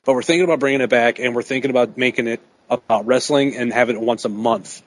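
Male podcast host, relaxed, rambling casual talk, mid pitch. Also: quick pace, no room sound, poor audio. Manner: rambling, filler-heavy, laid-back. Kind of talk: casual chat.

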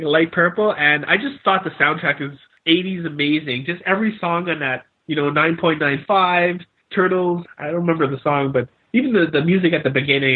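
A man's voice: a little high, slightly rough. A man co-hosting a casual podcast film review, rambling with stammered restarts. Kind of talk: casual chat. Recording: tinny phone-like line.

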